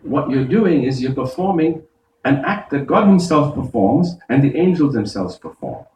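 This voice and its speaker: Man preaching, lively rising and falling voice, roomy mosque echo, heard from a distance. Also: medium pitch, a little hiss or hum. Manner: explains verses step by step, recites Arabic quickly. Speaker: imam. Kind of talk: Friday sermon. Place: mosque prayer hall.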